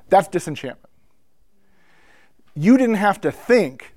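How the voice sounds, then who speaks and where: Man telling a story to church musicians, slightly high voice. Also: moderate pace, no echo, studio quality. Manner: storytelling, frequent asides, builds up excitement. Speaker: speaker addressing church musicians. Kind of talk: conversational teaching talk. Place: indoor room with a whiteboard.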